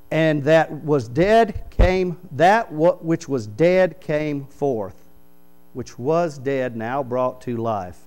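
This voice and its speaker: A man, a pastor preaching a sermon in church, reading scripture aloud and explaining it with animated stories. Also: mid-range voice, smooth, poor audio. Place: church sanctuary.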